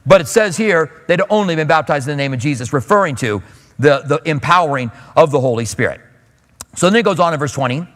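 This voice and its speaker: A man with a high voice preaches casually, slipping into the voices of the people he quotes. The sound carries a long reverb from a large hall. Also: lively intonation, fast talker, fairly bright tone. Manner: conversational, acts out quoted voices. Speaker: pastor. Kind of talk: expository sermon.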